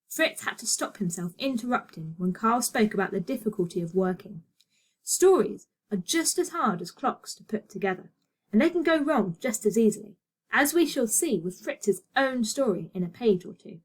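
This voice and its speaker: A woman's voice: medium pitch, animated, moderate pace, slightly rough. A woman teacher with a British accent, reading a storybook aloud to a class and adding chatty asides.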